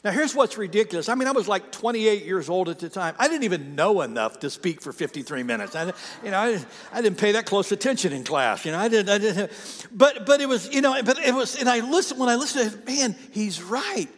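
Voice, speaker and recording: A man's voice: high voice, lively intonation, fast, in a large hall. A middle-aged man in his fifties preaching a sermon, chatty and self-deprecating as he tells a story from his early ministry. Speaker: pastor. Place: church sanctuary.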